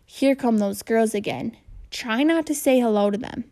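A brash, stubborn schoolboy, bossy and quick to sulk, pitched a touch high and pushed out loud, as a woman reads him aloud. A gravelly edge runs under the voice. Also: close to an everyday voice. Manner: loud, pushy, sulky.

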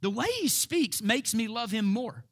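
A man preaching a sermon, emphatic and full of rhetorical questions, laughing at times and building up to shouted peaks. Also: high voice, animated, normal speed.

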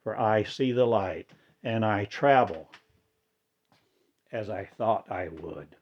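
A man delivering a rambling spiritual monologue in halting, oddly inverted phrasing. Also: lowish voice, muffled recording.

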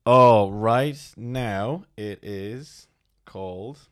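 A man's voice: lowish voice, very slow, dry recording. A man in his late twenties co-hosting a podcast, chatting casually and teasing with dry humor. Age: 20s. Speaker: podcast co-host.

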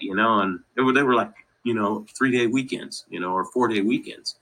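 A man's voice: fairly low pitch, fairly quick, pushed and bright, poor audio. A man from Colorado, a podcast guest, telling family stories in a casual, rambling way and leaning on "you know" constantly. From Colorado, USA. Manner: laughs through funny family stories. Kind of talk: casual interview storytelling.

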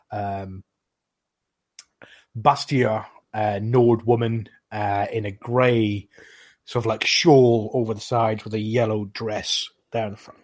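Slow talking guy running a tabletop rpg, lots of um and sort of like. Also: lowish voice. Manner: hesitant, many fillers. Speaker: game master. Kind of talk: narrating a tabletop game.

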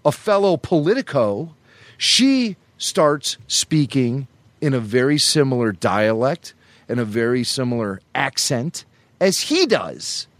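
A man co-hosting a podcast, telling jokey stories in a casual, animated way. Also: medium pitch, slow pace, no room sound. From Chicago area, US. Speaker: podcast co-host. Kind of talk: casual chat.

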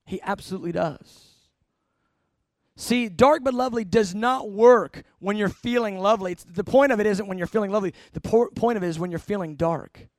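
A man preaching a sermon, emphatic, slowing down to stress phrases, then rushing through asides, asking the congregation questions. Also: high-pitched, no echo, clean studio sound. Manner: emphatic, shifting between slow stressed phrases and rapid asides.

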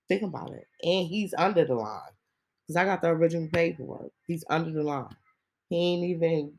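Woman podcaster going off, indignant and heated, low gravelly kinda husky voice. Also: poor audio. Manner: heated, indignant, repetitive rhetorical questions. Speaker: podcast host. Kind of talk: casual ranting monologue.

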